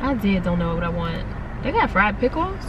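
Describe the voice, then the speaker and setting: A chatty young woman in her twenties talks straight to her camera, candid and loose with her swearing. She is getting over a head cold. The recording carries steady background noise and car sounds. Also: mid-range voice, fairly quick, muffled recording. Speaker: vlogger. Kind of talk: casual vlog chat to camera. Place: home and in a car.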